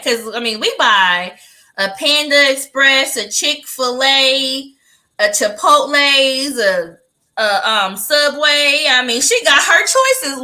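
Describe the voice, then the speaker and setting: High, bright-voiced animated woman storyteller. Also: takes it slowly. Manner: animated, laughing, acts out quotes. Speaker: podcast co-host. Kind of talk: casual chat, storytelling.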